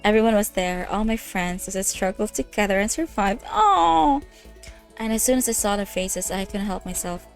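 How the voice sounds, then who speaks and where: With faint game music in the background, a young woman plays a visual novel and reads each character's lines aloud in her own medium-pitched voice at a moderate pace. As the let's play host, she laughs and reacts throughout.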